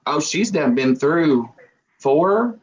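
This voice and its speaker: A man's voice: a little high, lively intonation, slow pace, poor audio. A man, chatting casually on a live stream and telling joking stories with frequent laughter. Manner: joking storyteller, laughs often.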